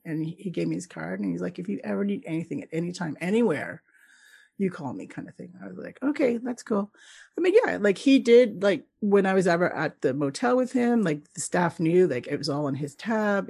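A middle-aged woman from Canada, a guest telling travel stories in a casual interview, lively and laughing often as she acts out the people she met. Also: lowish voice, vocal fry, breathy edge.

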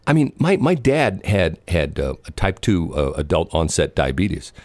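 A man's voice: sits low, very animated, moderate pace, darkish tone, no echo. A middle-aged man co-hosting a talk show, rambling and joking, often repeating himself as he tells stories. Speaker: radio co-host. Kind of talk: casual banter on air.

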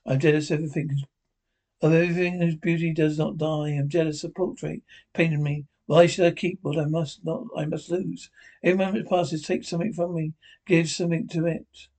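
A man reading aloud, voicing a young, vain gentleman who speaks in a plaintive, pleading way. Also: fairly high pitch, level tone, a little fast. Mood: anguished.

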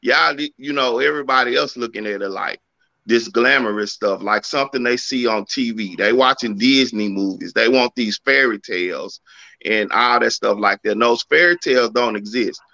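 A man on a talk show panel, telling family stories in a relaxed, conversational way. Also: medium pitch, normal speed, gravelly. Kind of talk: casual panel discussion. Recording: dull, lo-fi mic sound.

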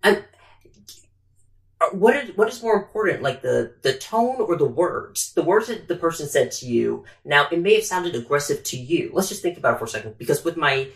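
A woman with a low voice that swings widely in pitch, talking casually and acting out quotes. She is recorded in an echoey room. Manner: animated, quick, acts out quotes. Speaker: podcast co-host. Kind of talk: casual chat.

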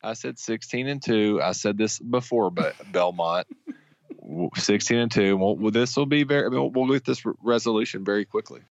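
A man co-hosting a sports podcast who talks in a halting, rambling way with many restarts, like an excitable fan. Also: fairly low pitch, creaky, dry recording, dull audio. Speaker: podcast co-host. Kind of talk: casual sports talk.

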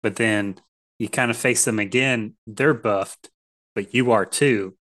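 A man co-hosting a podcast, in casual chat about a video game and telling it in a lively, animated way. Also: fairly low pitch, measured pace. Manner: animated storytelling, often acting out what game characters say. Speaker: podcast co-host.

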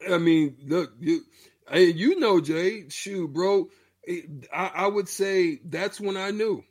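A middle-aged man, a former basketball player, telling a story in a loose, animated way with slang. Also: sits high, slow pace, breathy edge, no echo. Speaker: former pro basketball player, show regular. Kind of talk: casual storytelling chat.

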